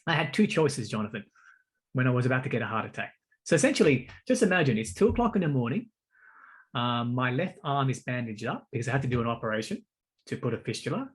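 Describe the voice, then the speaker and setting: A man in casual podcast conversation, telling a story with lively energy. He stumbles over and repeats his words and keeps tossing in friendly "bro" and "mate". His voice sits at an ordinary, middle pitch. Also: quick pace, husky. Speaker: podcast host.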